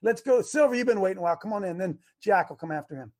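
Animated high-voiced male call-in host. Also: very fast. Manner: animated, acts out mock dialogues. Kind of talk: call-in show talk.

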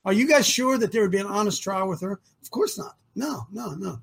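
A man's voice: high-pitched, lively intonation, a little fast, gravelly, breathy edge. An older man hosting an opinionated talk show, emphatic and firing rhetorical questions at his listeners.

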